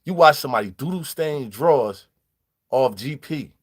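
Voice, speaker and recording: A man's voice: medium pitch, animated, normal speed. A man casually telling prison stories, greeting live viewers and acting out quoted dialogue in street slang. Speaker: vlogger. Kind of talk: casual storytelling vlog.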